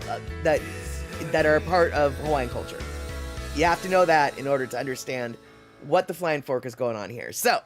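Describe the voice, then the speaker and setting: A man hosting a casual reaction stream, explaining in a rambling way with many fillers. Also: fairly high pitch. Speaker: streamer host. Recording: guitar music playing clearly under the voice.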